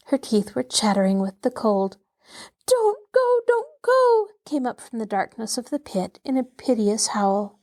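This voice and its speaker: A woman host reading a children's novel aloud in an expressive, dramatic way. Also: mid-range voice, normal speed. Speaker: host and storyteller.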